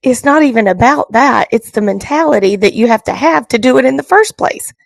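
A woman's voice: fairly high pitch, lively intonation, a little fast, gravelly, no echo, poor audio. A woman co-hosting a morning radio show, arguing her point firmly and indignantly. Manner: indignant, firm. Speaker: radio co-host. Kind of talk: casual morning-show chat. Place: radio studio. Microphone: studio microphone.

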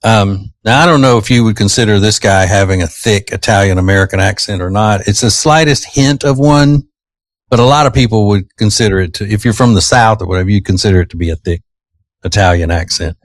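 A radio host man chats loosely, wandering through his thoughts. His voice sits on the low side. It comes across dry and close on a studio mic. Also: brisk, no echo. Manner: rambling, chatty with fillers. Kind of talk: casual radio banter.

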